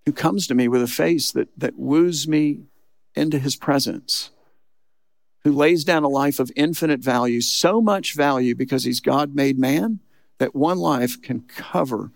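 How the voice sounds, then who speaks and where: A man's voice: medium pitch, gravelly, no echo, studio quality. A man preaching a sermon as a pastor, in a conversational, emphatic way that keeps checking in with the listeners. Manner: conversational, emphatic preaching with frequent "look" and "okay".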